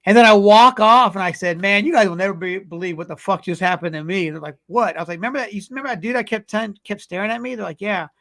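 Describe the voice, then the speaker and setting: A man co-hosting a podcast, telling a long rambling story full of swearing. His voice sits high, with a gravelly edge. The tone is bright and sharp. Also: fast, hardly any pauses. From California. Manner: profane, rambling anecdotes. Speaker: podcast co-host. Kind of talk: casual storytelling.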